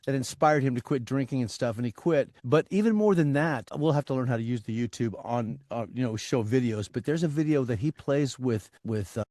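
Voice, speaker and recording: A man in his sixties chatting casually as a podcast co-host, telling stories in a rambling, animated way. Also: medium pitch, brisk, few pauses, no room sound, clean studio sound. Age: 60s. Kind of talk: casual chat.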